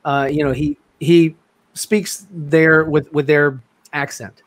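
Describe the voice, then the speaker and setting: A man co-hosting a casual podcast, talking haltingly with many restarts. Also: a little high, steady tone, no room sound. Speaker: podcast co-host. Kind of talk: casual chat.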